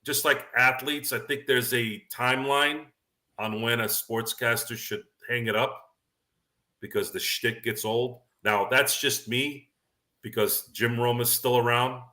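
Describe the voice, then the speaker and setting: Speaking in a mid-range voice with a steady tone and no hurry, a male podcast host leads a relaxed sports show over livestream. He rambles, keeps restarting his sentences, and pauses to read questions from viewers.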